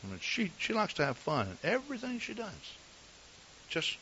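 A man's voice: sits high, wildly swooping pitch, moderate pace, bright, forceful tone, lo-fi sound, slight background noise. A man preaching as a pastor, telling folksy, earnest stories about his wife to his congregation. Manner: folksy, storytelling, earnest asides. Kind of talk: sermon with personal stories.

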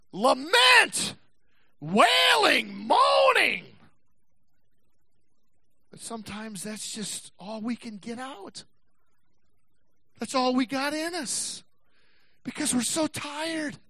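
A male pastor preaching a sermon, swinging from shouted passages to quiet, slow, emphatic stretches. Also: very high voice, no echo. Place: church.

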